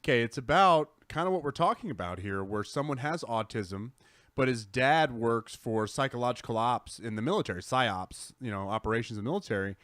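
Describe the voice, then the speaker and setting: A man's voice: medium pitch, lively intonation, fairly quick, a bit bright, dry recording, clean studio sound. A man co-hosting a live gaming podcast in casual chat, rambling and correcting himself as he goes. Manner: rambling, self-correcting, enthusiastic. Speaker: podcast co-host.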